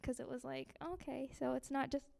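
A young woman giving a personal testimony to a church group, soft and halting, with many fillers and sighs. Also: high voice, steady tone, creaky.

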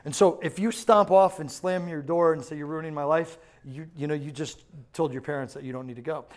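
Pastor, male, high-pitched, lively sermon delivery with playful asides. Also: a little fast. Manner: animated, acts out quotes, laughs often.

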